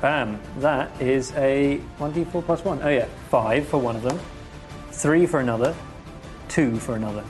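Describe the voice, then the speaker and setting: A man's voice: medium pitch, moderate pace, faint music behind. A man playing a tabletop game, talking in a casual, hesitant and polite way. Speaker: player.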